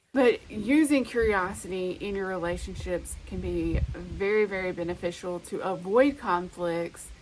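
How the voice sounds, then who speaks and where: A woman hosting a self-help talk, speaking in a calm, reflective, coaching way. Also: medium pitch, a little hiss or hum, poor audio. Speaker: host.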